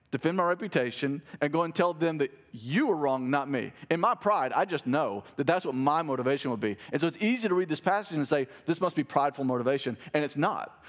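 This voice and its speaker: A man preaching a sermon, animated and conversational, with asides to the congregation and quick restarts. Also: a little high. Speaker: pastor.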